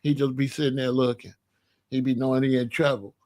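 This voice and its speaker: A man in his sixties telling stories in a casual, animated way, full of street slang and "you know what I'm saying.". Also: mid-range voice, a little fast. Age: 60s. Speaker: channel host. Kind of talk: casual storytelling monologue.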